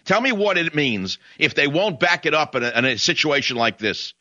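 A man's voice: a little high, big pitch swings, normal speed, sharp tone, no room sound, muffled recording. A man hosting a talk radio show, ranting in a combative, sarcastic monologue.

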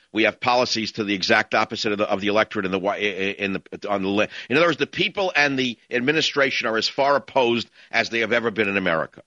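A man's voice: on the low side, bright, forceful tone, dry recording. A man hosting a call-in talk radio show, ranting in a combative, scornful way over dull lo-fi broadcast audio.

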